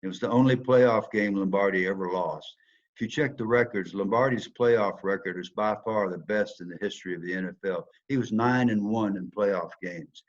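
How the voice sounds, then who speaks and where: An older man with a Southern accent tells a personal story, swinging between loud bursts and hushed asides like a dramatic storyteller. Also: lowish voice, moderate pace, lo-fi sound. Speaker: speaker telling a personal story. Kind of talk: storytelling talk.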